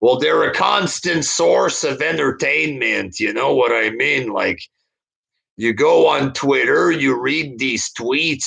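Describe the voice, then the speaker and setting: This host goes through his live chat and answers viewers with a crude, profane, scornful rant, using fillers like "like" and "there". His medium-pitched voice is creaky, a bit bright and slightly rough.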